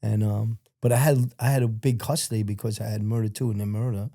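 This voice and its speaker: Speaking fast in a fairly low voice, an American man recounts his life in a casual interview, bluntly and with profanity. He livens up when quoting others, and the studio-quality audio has no echo.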